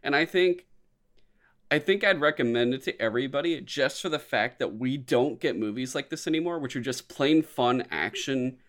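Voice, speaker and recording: Man, casual podcast chat, rambling, swears a lot, mid pitch. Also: normal speed. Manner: rambling, swears often, animated impressions. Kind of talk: casual movie review chat.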